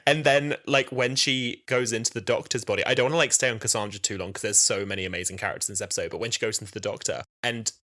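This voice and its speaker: A young man co-hosting a casual podcast, his voice bright and ringing, set a little low for a man. He talks in a lively way and acts out quoted lines in different voices as he goes. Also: quick pace, hardly any pauses. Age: 20s. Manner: animated, quotes scenes in character voices. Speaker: podcast co-host.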